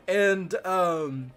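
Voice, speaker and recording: Young man, slightly high voice, rambling and profane, laughs often, soft game music behind. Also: vocal fry. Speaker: streamer. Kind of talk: casual storytelling while gaming.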